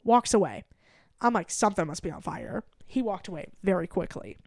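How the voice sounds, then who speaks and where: A woman's voice: mid-range voice, fairly quick, dry recording, clean studio sound. A young adult woman on a comedy podcast, telling a story in casual chat, acting out the quotes and swearing freely. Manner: animated, acts out quoted dialogue, swears casually. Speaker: podcast co-host.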